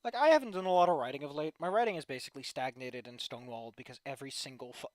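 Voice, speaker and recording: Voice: mid-range voice, racing, hardly any pauses, darkish tone, dry recording, studio quality. A worn-out streamer giving casual livestream commentary on fan fiction, with a weary, profane, ranting manner.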